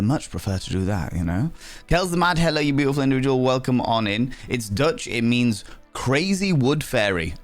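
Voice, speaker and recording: A young man chats playfully on a casual live stream, teasing his viewers with theatrical swings in pitch. He is a bit under the weather, with sore sinuses.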